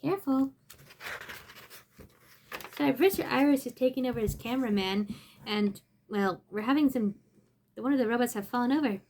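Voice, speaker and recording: Woman storyteller, playful and chatty, with a high, bouncy voice and a faint hiss behind her. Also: normal speed, long pauses, darkish tone. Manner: chatty, playful asides between story lines. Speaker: storyteller reading to toy robots. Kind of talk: playful read-aloud storytelling.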